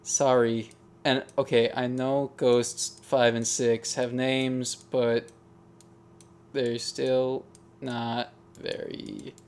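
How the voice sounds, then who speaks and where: A man's voice: medium pitch, smooth. A man giving casual, musing commentary as he ranks songs, often hesitating and restarting. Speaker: music ranking video host. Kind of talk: casual tier-list commentary.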